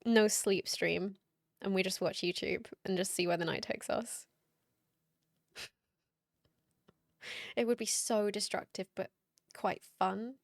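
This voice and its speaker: A woman's voice: medium pitch, steady tone, measured pace, long pauses, dry recording, studio quality. A woman streamer chatting casually and playfully with her viewers late at night, teasing and laughing often.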